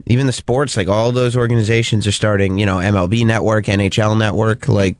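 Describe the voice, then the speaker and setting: Man, low voice, rapid delivery, matter-of-fact explainer, radio banter. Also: fairly even intonation, no echo, studio quality.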